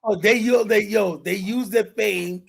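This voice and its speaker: A man's voice: high-pitched, normal speed, gravelly, breathy edge. A man hosting a streamed podcast panel, arguing his points with emphasis and loose profanity. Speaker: podcast host. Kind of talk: heated panel debate.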